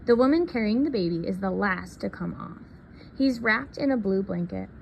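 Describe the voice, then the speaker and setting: Woman reader, picture-book read-aloud, soft and unhurried, faint background hiss. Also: medium pitch, lively intonation, gravelly.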